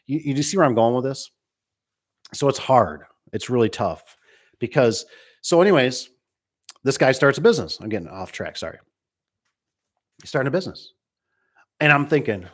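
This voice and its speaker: Rambling, talkative middle-aged man. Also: medium pitch. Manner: rambling, conversational, with many fillers and restarts. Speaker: garage door business owner. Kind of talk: casual livestream talk.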